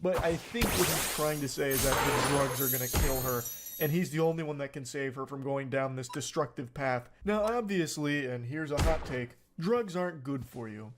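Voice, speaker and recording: A man's voice: mid-range voice, normal speed, background noise. A man doing reaction commentary, reading text messages aloud in a sarcastic, incredulous way and swearing freely. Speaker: online commentator.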